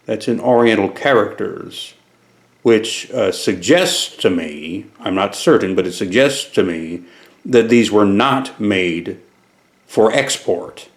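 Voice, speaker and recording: Pompous, halting man in an echoey room. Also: fairly low pitch, creaky. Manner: pompous, formal wording broken by frequent "uh" pauses. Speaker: host answering viewer questions. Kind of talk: deadpan comedic monologue. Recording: very echoey room, mic far off.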